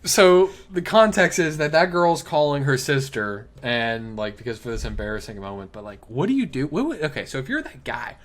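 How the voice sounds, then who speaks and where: A young man chats on a podcast with lots of swings in his pitch. He tells embarrassing stories casually, swearing freely and laughing as he goes. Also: moderate pace, hardly any pauses. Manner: animated storyteller, swearing, laughing often. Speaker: podcast co-host. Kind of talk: casual chat.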